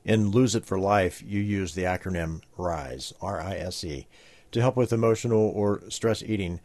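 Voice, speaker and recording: A man's voice: low-pitched, normal speed, darkish tone. A man co-hosting a talk show, reading promos and setting up topics in a friendly announcer manner. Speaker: co-host.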